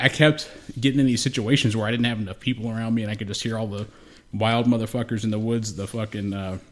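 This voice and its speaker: Young guy, lowish voice, rambling and swearing a lot in casual podcast chat. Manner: profane, rambling storyteller. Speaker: podcast co-host.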